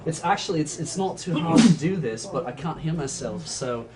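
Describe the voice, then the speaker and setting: Chatty man with a higher voice. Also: animated, heavy background noise. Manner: chatty, quick to laugh. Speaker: charity stream host. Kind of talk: casual chat. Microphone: wearing headphones.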